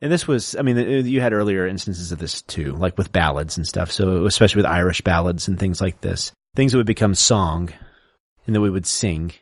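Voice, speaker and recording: A man with a low, steady voice talks through a subject like a teacher at a podcast table. He explains patiently and in order, in relaxed chat. The sound is dry and close, with no room echo. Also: a little fast. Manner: lecturing, explains step by step.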